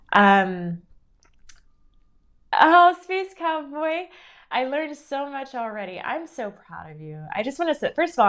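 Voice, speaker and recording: A young woman giving a tarot reading on a casual live stream. She gushes with encouragement, leans on fillers, and breaks into giggles often. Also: fairly low pitch. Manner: gushing, encouraging, filler-heavy with frequent giggles.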